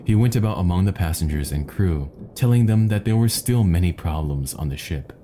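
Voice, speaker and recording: Low, measured male fable narrator. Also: expressive, dark tone, slight background noise. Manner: measured, deliberate.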